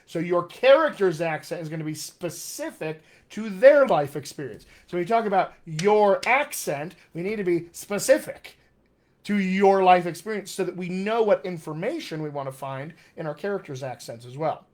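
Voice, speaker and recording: Brief cheerful male dialect coach, slightly higher voice, live-stream teaching. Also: animated, normal speed. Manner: upbeat, chatty, encouraging. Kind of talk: live-stream accent lesson reading comments.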